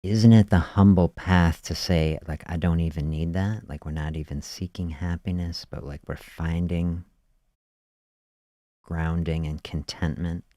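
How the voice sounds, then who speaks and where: A man with a very low voice talks through his thoughts as a podcast host, unhurried and reflective. He leans on little prompts like "you know" and "see" as he goes. The sound is dry, with no room echo. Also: steady tone, mellow. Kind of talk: reflective spoken monologue.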